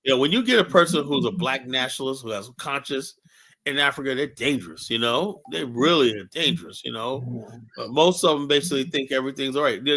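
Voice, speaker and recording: A man's voice: mid-range voice, sharp tone, low-quality recording. A man hosting a livestream talk show, blunt and emphatic, often profane, telling anecdotes with quoted dialogue. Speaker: livestream host. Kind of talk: casual opinionated talk show. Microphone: online stream mic.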